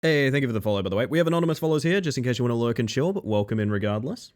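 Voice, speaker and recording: Lively, wry male streamer. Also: mid-range voice, rapid-fire. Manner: dry, self-mocking, talks to chat. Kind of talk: casual live-stream gameplay chat.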